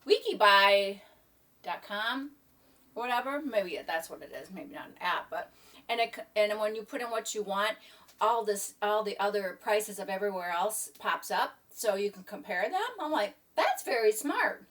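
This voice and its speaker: A woman's voice: mid-range voice, moderate pace, a bit bright, distant mic. Chatty woman rambling in her kitchen. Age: middle-aged. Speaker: vlogger. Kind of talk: casual chat. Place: home kitchen.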